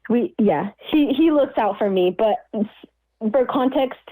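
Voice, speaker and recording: A woman's voice: fairly high pitch, expressive, mellow, no room sound, poor audio. A young adult woman calling in to tell a story, giggling and restarting often. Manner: giggly, halting, lots of restarts. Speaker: caller. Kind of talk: casual storytelling on a call.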